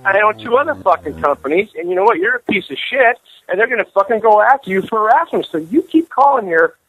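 A man's voice: high-pitched, big pitch swings, fast, phone-quality sound. A man who owns a business, angrily berating a prank caller on the phone and swearing constantly. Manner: angry, profane, berating. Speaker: business owner taking a call. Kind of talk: heated phone argument.

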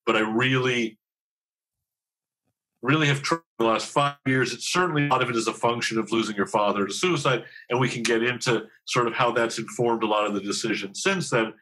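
Fifties guy on a podcast, bright sharp voice, rambly and self-deprecating, lots of restarts. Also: medium pitch, steady tone, a little fast, low-quality recording. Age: 50s. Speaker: podcast guest, TV writer. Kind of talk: candid conversational interview.

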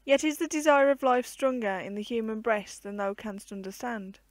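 A woman's voice: fairly high pitch, normal speed, no room sound, natural voice. A woman voicing an aged, lonely, poor male hermit who clings to life, in solemn old-fashioned storybook speech. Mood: remorseful.

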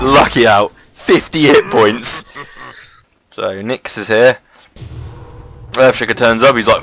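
A man giving casual, excitable commentary over a replay of his own online match, swearing freely and jumping up in pitch at the big plays. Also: slow pace, long pauses, poor audio.

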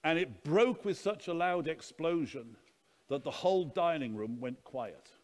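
A man's voice: a little high, animated, unhurried, a little mellow. A man preaching at a conference, telling stories in an earnest, anecdotal teaching manner. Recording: long hall reverb.

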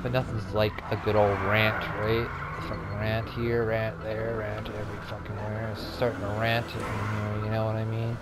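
A man's voice: fairly low pitch, monotone, moderate pace, few pauses, heavy background noise. Profane ranting man. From Canada. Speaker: gaming streamer. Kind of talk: ranting gameplay commentary. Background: video game music.

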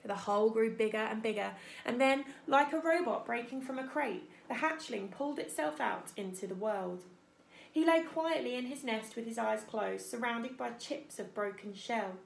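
A woman teacher reading a children's book aloud in an expressive storytelling manner. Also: on the high side, moderate pace, vocal fry, a little hiss or hum. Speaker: primary school teacher.

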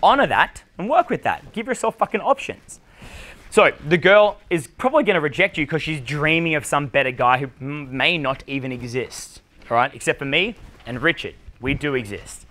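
An Australian man lectures a seminar crowd as a dating coach, with a blunt, swearing, punchy delivery. His voice is bright and forceful, pitched a bit above most men's. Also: animated, normal speed. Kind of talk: live seminar talk. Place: conference room with live audience.

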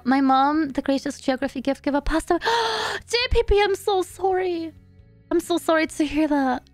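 A woman's voice: high-pitched, dry recording. Chatty young woman streaming a game. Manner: chatty, playful and sympathetic, talking to chat. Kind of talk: casual live-stream chat while gaming. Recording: dry close mic, faint background music.

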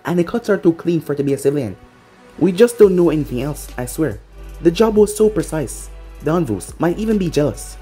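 A storyteller voicing a busy, short-tempered young female ninja medic who talks in a brisk, scolding way, over faint background music. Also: mid-range voice, expressive, mellow, breathy edge.

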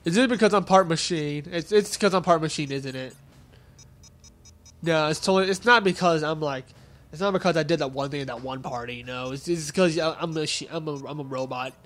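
A man's voice: fairly high pitch, a little fast, a bit bright. A young man giving casual, jokey commentary while playing a video game, grunting and yelping when hit and talking back at the enemies. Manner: goofy, grunting and yelping at hits; jokey self-talk to the enemies. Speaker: let's play gamer.

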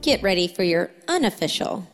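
Woman announcing over loud guitar music. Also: fairly low pitch, big pitch swings, normal speed. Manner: upbeat, promotional. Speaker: show announcer. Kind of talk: scripted intro announcement.

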